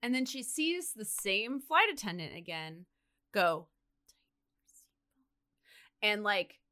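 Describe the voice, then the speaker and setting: A woman's voice: medium pitch, very animated, slow, pushed and bright, clean tone. A woman co-hosting a podcast, casually retelling a story and acting out the quotes with lots of "like". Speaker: podcast co-host.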